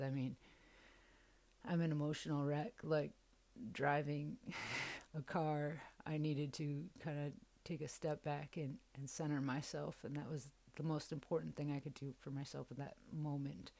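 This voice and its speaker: This podcast host is a young woman with a deep, darkish voice. She tells a personal story candidly and casually, cursing without hesitation.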